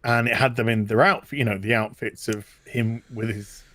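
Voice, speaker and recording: A British man telling stories in a casual chat, animated and swearing freely. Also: medium pitch, moderate pace, no echo. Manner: animated storytelling, swearing, mock accents. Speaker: co-host.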